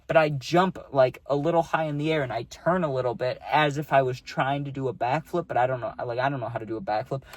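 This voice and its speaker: A man's voice: medium pitch, quick pace, few pauses, dry recording. A young man telling a rambling storytime, full of fillers like "dude" and "like". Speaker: vlogger. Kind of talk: casual storytime.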